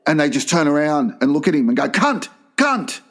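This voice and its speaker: A man co-hosting a crude comedy podcast, tossing in deadpan quips and shouted punchlines. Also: fairly high pitch. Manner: quick deadpan interjections, lively shouted bits. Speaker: podcast co-host.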